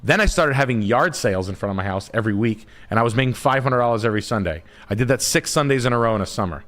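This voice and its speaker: A man's voice: mid-range voice, expressive, rapid-fire, a bit bright. A man casually telling a long rambling story, swearing often and breaking into other people's voices. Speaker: storyteller on a talk show.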